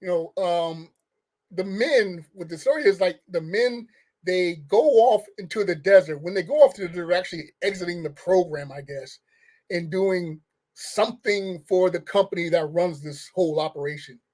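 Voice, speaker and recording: A man's voice: high-pitched, normal speed, a little mellow. A man giving a casual, rambling movie review rant, firing off questions with restarts and short laughs. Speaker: film reviewer.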